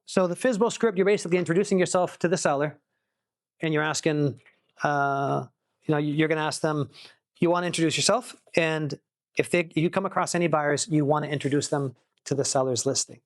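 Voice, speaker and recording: A man coaching a room of real estate agents through cold-call scripts, energetic and repeating key points for emphasis. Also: a little high, fairly quick, no echo, clean studio sound. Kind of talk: teaching a sales boot camp.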